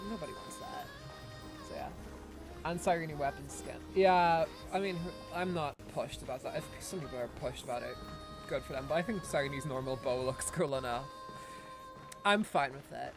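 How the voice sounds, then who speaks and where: With music playing underneath, an Irish man streams a game and chats casually, rambling, swearing and laughing often. His voice is fairly high and his speed normal.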